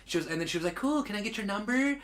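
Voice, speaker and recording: A man's voice: sits high, lively intonation, racing, a crowd in the background. A young man, a podcast guest, telling a rambling, profane story in casual chat and acting out the voices of the people in it. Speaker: podcast guest, aspiring stand-up comedian.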